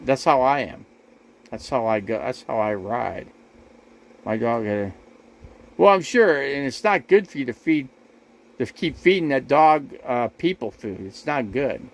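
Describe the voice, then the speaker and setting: A man's voice: medium pitch, expressive, measured pace, rough recording. A man hosting a casual livestream from his RV, talking straight to his viewers in a rambling, repetitive and defensive way. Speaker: RV living livestream host. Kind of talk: casual livestream talk to chat.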